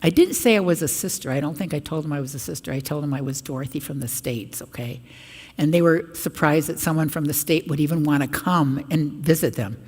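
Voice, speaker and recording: An older woman with a low voice tells stories to a parish congregation and springs into raised voices for the people she quotes. Her words ring out with the long reverb of a large church. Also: fairly quick, a little mellow, husky. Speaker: guest speaker at a parish mission. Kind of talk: storytelling talk to a congregation.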